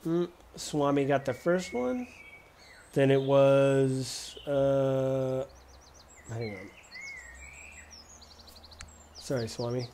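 A man's voice: medium pitch, drawn-out words, pauses often, warm tone, a little hiss or hum. A man running a tabletop game as game master, describing scenes casually with many fillers. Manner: casual, rambling, frequent fillers and laughs.

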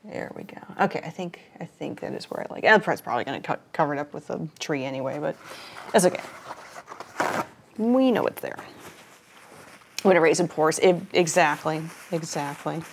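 A woman's voice: low voice, animated, moderate pace, long pauses, slight background noise. A woman hosting a live painting stream, chatting casually with viewers, laughing often and greeting chat while she works. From Florida.

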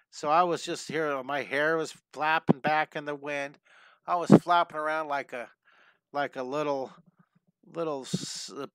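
A middle-aged man leads a drawing lesson with bright, crisp energy. He encourages his young viewers and drifts into cheerful stories. The sound is dry and close to the mic. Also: a little high, no room sound. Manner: enthusiastic and encouraging, chatty asides. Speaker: drawing teacher. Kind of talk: live drawing lesson with storytelling.

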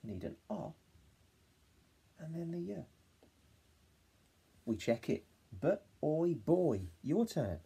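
A man with an English accent teaching a phonics lesson to young children, encouraging them and sounding out words slowly. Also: fairly high pitch, big pitch swings, gravelly, mellow, slightly rough. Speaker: reception class teacher.

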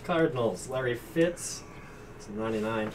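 A man's voice: medium pitch, animated, normal speed. A man hosting a live sports card break, reading out cards and names and joking with the room. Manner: jokey, rattles off names and cards. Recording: distant mic with noisy room.

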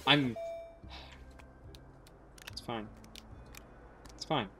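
Excitable young man narrating gameplay. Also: mid-range voice, very slow. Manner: excitable, swears, thinks aloud. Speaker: gaming streamer. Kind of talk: live gameplay commentary.

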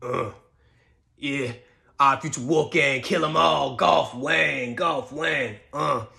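A man voicing a brash young male rapper who chants and shouts freestyle lines. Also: mid-range voice, slow, vocal fry, heavily acted. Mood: rowdy.

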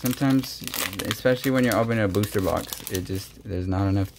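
A young man hosting a casual card-opening video, chatty and slangy, quick to get excited. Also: on the low side, slight background noise. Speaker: card-opening channel host.

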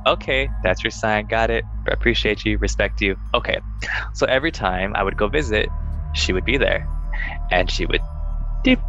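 Bright-voiced young man telling a story. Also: dull audio. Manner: animated, acts out quoted voices in higher pitch. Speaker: group member telling a ghost story. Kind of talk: casual storytelling.

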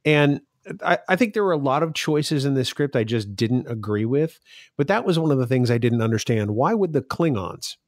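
A man's voice: medium pitch, lively intonation, moderate pace, no room sound, clean studio sound. A man co-hosting a casual podcast discussion, speaking in an earnest, analytical way. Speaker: podcast co-host.

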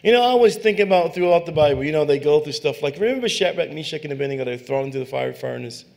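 A man's voice: fairly high pitch, animated, fast talker, creaky, darkish tone. A man as a guest pastor preaching a sermon, fervent and emphatic with conversational asides. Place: church sanctuary.

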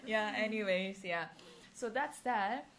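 A young woman co-hosting a casual chat, giggly, often breaking into high laughter and trying out playful French phrases. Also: takes it slowly, fairly bright tone. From Korea. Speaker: podcast co-host.

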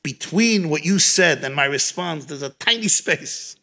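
A man's voice: on the high side, a little slow, vocal fry. A man, a rabbi, giving a farbrengen talk at a gathering, telling stories and teaching with Yiddish and Hebrew phrases mixed in. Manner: storytelling, animated, sprinkled with Yiddish and Hebrew. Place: gathering in a home.

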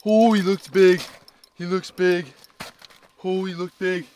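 Excitable young man in an ice shelter. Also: high voice, slow pace, slight background noise. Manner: excited swearing, shouting exclamations. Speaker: fishing vlogger. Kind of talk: casual vlog narration while ice fishing. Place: small flip-up ice fishing shelter.

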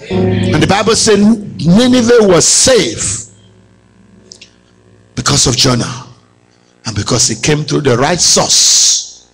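A man preaching a sermon as pastor, often shouting and swinging his voice from high to low. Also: creaky, husky, rough recording. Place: church hall.

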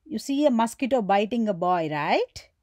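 A woman's voice: mid-range voice, animated, moderate pace, darkish tone, no room sound, studio quality. A woman teaching a grammar lesson, who poses questions to her viewers and answers them herself, and acts out the example exclamations.

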